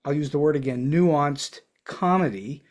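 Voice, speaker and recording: A man's voice: on the high side, measured pace. A man hosting an interview podcast, asking curious, thoughtful questions. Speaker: podcast host.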